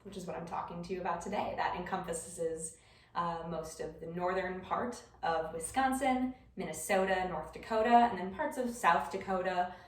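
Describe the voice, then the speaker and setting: A woman's voice: on the low side, moderate pace. A young adult woman giving a class presentation, explaining step by step with scattered ums. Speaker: student presenter. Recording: roomy echo, voice far from the mic.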